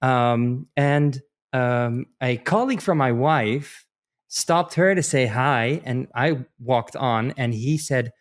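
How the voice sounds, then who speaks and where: A man's voice: mid-range voice, slow pace. A man from the Netherlands, a podcast guest chatting casually and telling rambling stories full of restarts. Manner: animated storyteller, rambling with many restarts.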